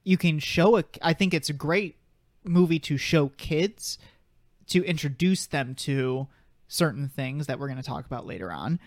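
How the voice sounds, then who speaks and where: A man's voice: fairly high pitch, animated, normal speed, dry recording, clean studio sound. A man in his twenties co-hosting a podcast in casual chat, rambling with lots of fillers and side tracks. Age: 20s. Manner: rambling, filler-heavy and sidetracked. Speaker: podcast co-host.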